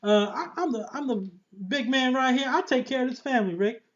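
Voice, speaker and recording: A man's voice: extremely high pitch, a little fast, pitched above the performer's own voice. A man doing a clumsy impression of a cocky, swaggering tough guy, talking with drawling macho bravado. The recording is dull and lo-fi.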